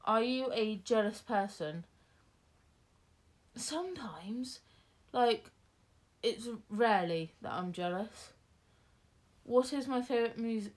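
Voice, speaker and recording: A young woman, chatting casually through a Q&A, rambling with lots of fillers and restarts. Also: mid-range voice. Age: young adult. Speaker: vlogger. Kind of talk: casual Q&A chat.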